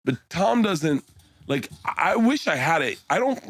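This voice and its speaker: A man's voice: fairly high pitch, very animated, measured pace, a bit bright, dry recording. A middle-aged man, a comedian guest on a podcast, telling a rambling, profane story and acting out the other people in it. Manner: rambling anecdote, acts out quoted dialogue, swears freely.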